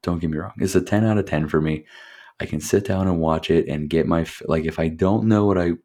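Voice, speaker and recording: A man with an extremely deep voice hosts his own podcast alone. He talks in a loose, rambling way, swearing freely and chuckling between thoughts. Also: a little fast, mellow. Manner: rambling, profane, chuckling asides. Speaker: podcast host. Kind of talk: casual solo podcast review.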